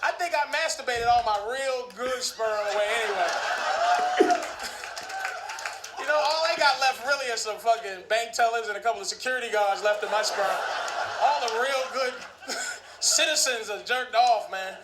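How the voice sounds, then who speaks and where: A man's voice: extremely high pitch, lively intonation, normal speed. A man in his thirties doing a stand-up comedy set, profane and conversational with mumbled asides. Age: 30s. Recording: echoey club recording with noise.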